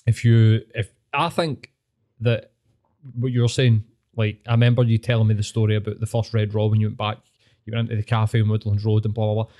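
A man's voice: on the low side, mellow. A Scottish man co-hosting a podcast, chatting casually, swearing and reflecting, calling his friend mate. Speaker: podcast co-host.

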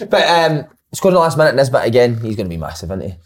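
A man and former player in a casual football chat, swearing freely and tagging his points with questions. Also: medium pitch. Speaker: podcast panelist, former player.

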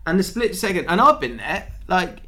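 Animated man hosting a football chat. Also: sits high, normal speed, slight background noise. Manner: animated storyteller, acts out quotes. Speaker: podcast host. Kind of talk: casual football podcast chat.

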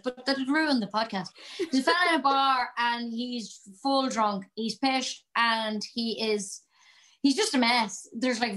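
Irish woman chatting away on a podcast, lively and gushy, bit high voice. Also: low-quality recording. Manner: exuberant, chatty, storytelling. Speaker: guest actress. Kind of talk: casual interview chat.

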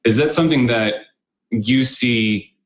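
A man's voice: medium pitch, unhurried. A man co-hosting an interview, asking long, hesitant questions full of fillers. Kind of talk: conversational interview. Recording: roomy echo.

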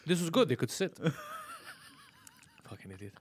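A man's voice: high voice, huge pitch swings, slow pace, slightly rough, dry recording. Profane, exasperated male podcast host. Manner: profane, exasperated storytelling with frequent laughs. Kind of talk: casual chat, storytelling.

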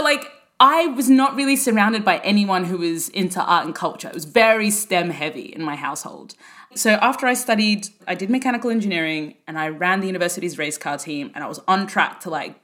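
Young woman, from Sudan, casual storytelling, filler-heavy, lively. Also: lowish voice, fairly quick. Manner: lively, full of "like" fillers, acts out quoted voices. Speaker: speaker telling her life story.

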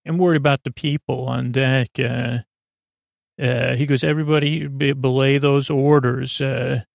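A man hosting a sleep podcast, loosely retelling a TV episode in a halting, offhand way full of filler words. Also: mid-range voice, vocal fry, no echo, studio quality. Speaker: podcast host. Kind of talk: rambling episode recap for sleep.

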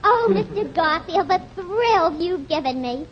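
A starstruck, swooning young woman in a 1940s radio comedy, her voice very high and fluttering. The old broadcast is dull and faintly hissy. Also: expressive, a little slow. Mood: gushing. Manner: swooning, breathless admiration.

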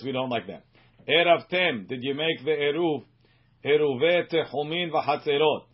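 Rabbi guy teaching talmud, reads the aramaic slow then explains fast in english, muffled lo-fi sound. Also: a little high. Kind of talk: Talmud study lesson reading and translating. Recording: muffled lo-fi recording.

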